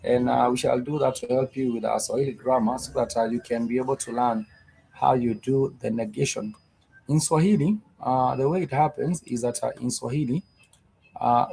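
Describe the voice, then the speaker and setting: A man teaching a live-streamed Swahili grammar lesson, explaining slowly and repeating himself with many fillers and restarts. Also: medium pitch, creaky, mellow, slightly rough, low-quality recording.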